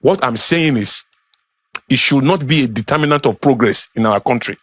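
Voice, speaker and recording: Nigerian man talking with animated emphasis. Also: mid-range voice, normal speed, husky. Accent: Nigerian (Yoruba). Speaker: speaker. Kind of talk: informal talk to a small group.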